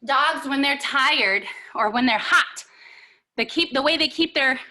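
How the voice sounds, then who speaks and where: Cheerful kids' yoga teacher: a woman with a very high, bright voice and an unhurried, sing-song delivery, recorded in an echoey room. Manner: animated and encouraging, greets children by name; sing-song, drawn-out storybook chanting. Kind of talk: children's yoga lesson.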